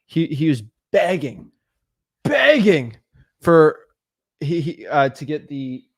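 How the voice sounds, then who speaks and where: A man co-hosting a livestream, talking in an animated, coaching way and acting out conversations, with many "right?" and "like" fillers. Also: on the high side, takes it slowly. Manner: animated, acts out quoted dialogue, frequent "right?" and "like". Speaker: co-host of real estate livestream. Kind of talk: motivational livestream talk.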